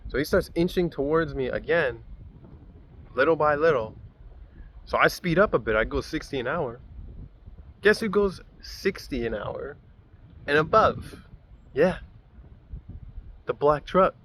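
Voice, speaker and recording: Animated young man telling a story. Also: fairly high pitch, unhurried, pauses often, slight background noise. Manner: animated, profane, rambling storytelling. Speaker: vlogger. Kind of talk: casual story time.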